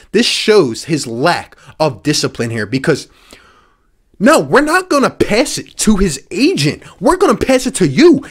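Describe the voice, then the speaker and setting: A high-pitched, husky-voiced sports podcast host from the Philadelphia area goes on an angry rant. He's sarcastic and exasperated, repeating points to drive them home.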